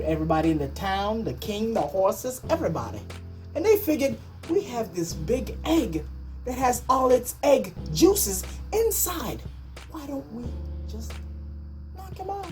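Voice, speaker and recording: A woman's voice: medium pitch, a little mellow. A woman vlogger telling a comedic story in a jokey, mock-outraged way.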